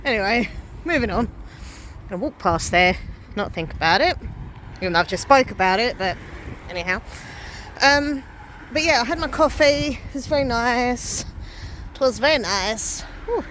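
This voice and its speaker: A woman's voice: a little high, lively intonation, moderate pace, long pauses, a bit bright, slight background noise. A woman from England talking casually to her camera as she walks about and sits in a café, chatty and self-deprecating. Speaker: vlogger. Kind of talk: casual chatty vlog narration. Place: out and about, then inside a busy café.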